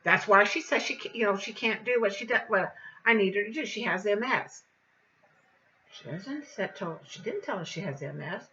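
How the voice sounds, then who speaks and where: An older woman telling a story in a casual vlog, animated and indignant as she recounts events. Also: medium pitch, moderate pace, muffled recording, slight background noise. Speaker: vlogger.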